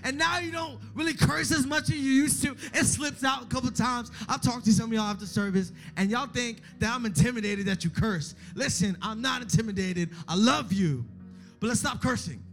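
A man preaching a sermon as a youth pastor, fervent and casual, repeating phrases and swinging between hushed pleading and shouting. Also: very high-pitched, fairly quick. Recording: music playing under the voice.

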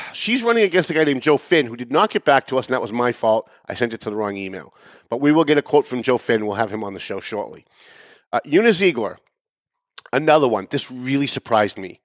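Sarcastic guy ranting on his commentary show, mid pitch, jumps loud then mutters low, dry close sound. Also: animated, fairly quick, no echo. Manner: sarcastic and emphatic, with mocking asides; swings between loud raised emphasis and low muttering. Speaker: show host. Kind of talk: opinionated political commentary monologue.

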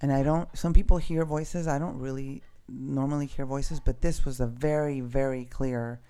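A man speaking in a soft, earnest, spiritual way in a reflective personal monologue, casually swearing now and then. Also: mid-range voice, fairly even intonation, normal speed, clear, resonant tone.

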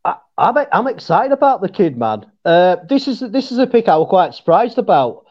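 A man's voice: sits high, sing-song, normal speed. A man with a Yorkshire accent from England, a guest chatting casually, joking, laughing often and trailing off mid-sentence. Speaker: podcast guest. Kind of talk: casual chat. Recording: dull lo-fi call audio.

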